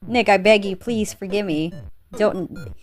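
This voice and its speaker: A woman's voice: medium pitch, unhurried, natural voice. A woman reading the lines of an earnest young female bunny police officer in a comic, with an emotional, pleading delivery.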